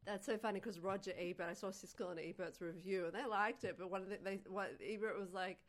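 A woman's voice: medium pitch, steady tone, fast. A woman co-hosting a podcast in casual movie chat, explaining points emphatically and enthusiastically, often stumbling over her words. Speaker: podcast co-host.

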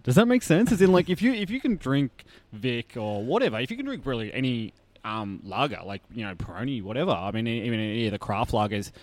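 A man with an Australian accent, chatting as a podcast guest, lively with lots of fillers and laughs. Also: medium pitch, quick pace, dry recording. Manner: chatty and animated, many fillers, laughs often. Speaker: guest, brewery tour operator. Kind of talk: casual podcast interview.

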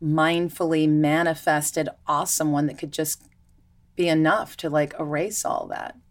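A woman who teaches yoga to children, telling stories in a lively, chatty way during a relaxed conversation. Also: low-pitched, measured pace. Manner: animated, chatty storytelling. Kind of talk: casual conversation.

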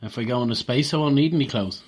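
A man's voice: medium pitch, fast talker, slightly rough. A young man on a podcast, joking around playfully. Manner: jokey, playful, chuckles often. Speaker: podcast co-host. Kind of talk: casual podcast chat.

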